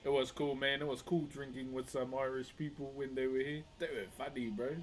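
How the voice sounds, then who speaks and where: On a live stream, this Kiwi man works on a wood carving and keeps up a laid-back chat with his audience, calling each of them bro. He talks briskly in a mid-range voice with a flat delivery.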